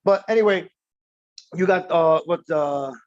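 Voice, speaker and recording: This is a casual livestream reaction from a baseball fan who's had a few drinks and rambles between laughs about his team's playoff game. His voice is a little high and darkish, his pace measured, and the dull, dry lo-fi audio has no echo.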